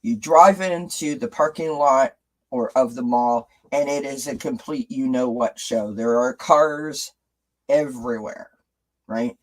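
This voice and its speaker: A man's voice: mid-range voice, a little slow, rough recording. A man hosting a casual live stream, chatting with viewers, reading out their comments and asking them rhetorical questions, often restarting his sentences.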